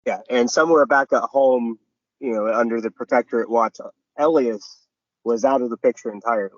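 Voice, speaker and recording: Friendly, slightly hoarse podcast co-host. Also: male voice, medium pitch, a little fast, dry recording, muffled recording. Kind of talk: casual chat about tabletop gaming.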